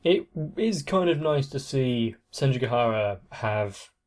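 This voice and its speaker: A man's voice: mid-range voice, expressive, measured pace, darkish tone. A young man hosting an anime reaction channel, giving casual, thoughtful commentary that trails off at the ends of phrases.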